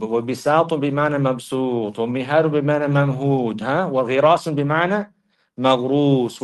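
A man giving a religious lesson, reading Arabic passages quickly and then translating and explaining them slowly, often repeating himself and checking that listeners follow. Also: a little high. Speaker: religious teacher. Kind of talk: classroom lecture explaining a text.

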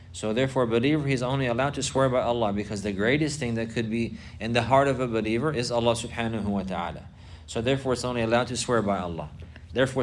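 Male religious teacher, mid pitch, repeats himself for emphasis, slight background hiss. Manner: repetitive, explanatory, emphatic. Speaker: Islamic teacher. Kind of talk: religious lesson.

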